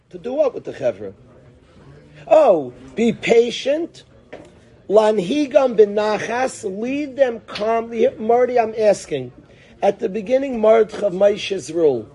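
Male rabbi giving a Torah class, warm and higher-pitched, acting out questions and answers as he thinks aloud. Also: breathy edge. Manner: sprinkles Hebrew and Yiddish terms. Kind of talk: Torah lesson.

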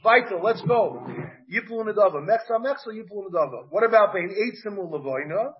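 In a dull, muffled class recording, a man with a high-sitting voice teaches Talmud, animated and a little fast. He speaks American English with Yiddish-Hebrew pronunciation, thinking aloud and putting questions to his students.

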